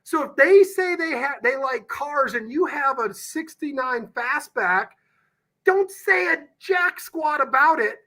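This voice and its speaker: A man's voice: extremely high pitch, lively intonation, slow pace, sharp tone. A man being interviewed on a podcast, talking passionately and emphatically about real estate deals, with a salesman's punch and the odd casual swear. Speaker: guest, real estate investor.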